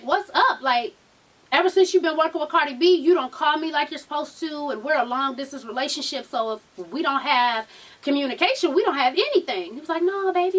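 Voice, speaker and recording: A woman's voice: sits high, fairly bright tone, recorded from a distance. A woman vlogger casually recapping a reality show, sassy and profane, with a drawl and a Black way of speaking, quoting people in raised voices.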